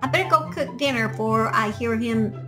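A woman's voice: on the high side, a little fast, over music. A woman telling a true crime story in a casual, rambling way, often sidetracked. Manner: chatty, rambling, easily sidetracked. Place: backyard shed.

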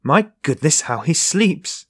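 A man voicing an indignant woman servant who scolds in a raised, shrill voice. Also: very animated, a little fast, dry recording, clean studio sound, close to an everyday voice.

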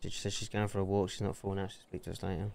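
A man's voice: sits low, completely flat delivery, very fast, creaky, darkish tone. A man in an in-character roleplay argument, aggrieved and defensive, swearing often. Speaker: roleplay streamer.

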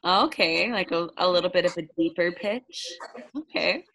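A woman's voice: on the low side, moderate pace, a bit bright, poor audio. A woman teaching an online English lesson to a child, explaining patiently and encouraging.

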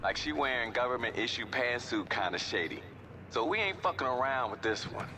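A man's voice: mid-range voice, lively intonation, fairly quick, background noise, lightly acted. A man voicing a brash, foul-mouthed heist man. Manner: profane street slang, hyped. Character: brash, excitable male heist crew member.

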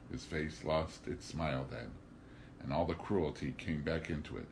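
A man reading a classic novel aloud in a very low, steady voice, unhurried and measured. A faint background hiss runs beneath the reading. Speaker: audiobook narrator.

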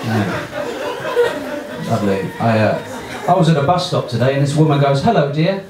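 A man with an English accent doing a stand-up comedy set in a small club, deadpan and offhand, chatting with the crowd. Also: medium pitch, normal speed. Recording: echoey comedy club with loud noise.

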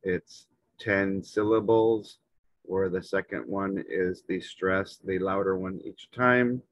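A man teaching a lesson, walking through a chart in slow, halting, short phrases. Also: sits low, a bit bright, no echo. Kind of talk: instructional walkthrough. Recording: dull, muffled lo-fi audio.

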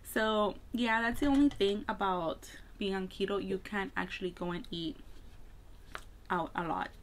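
A woman's voice: mid-range voice, unhurried, a little hiss or hum. A woman makeup vlogger chatting casually while getting ready, rambling with lots of filler words. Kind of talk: casual get-ready-with-me chat.

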